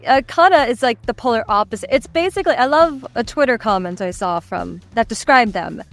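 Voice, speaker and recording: An enthusiastic woman chatting as a guest on a podcast, laughing often as she talks. She trails off mid-thought and picks up again in a relaxed, casual way. Faint music plays under her voice. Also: fairly high pitch, brisk. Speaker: voice actor guest.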